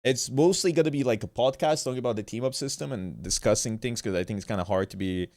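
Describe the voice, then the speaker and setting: A man's voice: mid-range voice, quick pace, darkish tone, no room sound. Playful rambling male streamer. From Italy. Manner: playful, rambling, swears casually. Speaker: gaming streamer. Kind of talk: casual stream chat.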